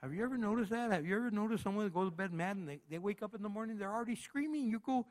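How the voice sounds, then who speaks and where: Fairly high-voiced man preaching. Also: quick pace, hardly any pauses. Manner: animated, conversational preaching that acts out little everyday scenes. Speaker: pastor. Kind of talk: sermon.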